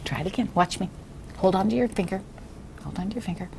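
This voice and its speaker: A woman demonstrating a reading lesson with a young child, speaking slowly and encouragingly, often softly or in a whisper. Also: medium pitch, lively intonation, vocal fry, slight background noise. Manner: patient, slow, encouraging, drops to soft whispers. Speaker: reading tutor trainer.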